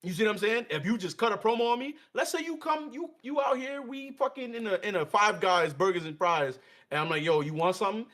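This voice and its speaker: High-pitched, animated man hyping a friend. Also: a little fast. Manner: encouraging, profane, hypey. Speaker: co-host. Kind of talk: casual stream chat.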